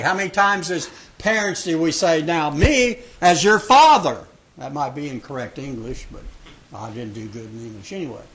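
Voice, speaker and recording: A man's voice: sits high, a bit bright. An older man in his sixties leading a Bible study class, joking and emphatic as he asks questions. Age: 60s. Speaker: Sabbath school teacher.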